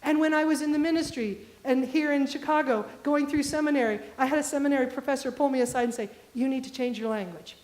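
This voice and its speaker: High-voiced woman pastor in echoey church. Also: quick pace, few pauses, a little mellow. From Midwestern US. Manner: anecdotal, direct questions to the congregation. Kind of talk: conversational storytelling sermon. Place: church sanctuary.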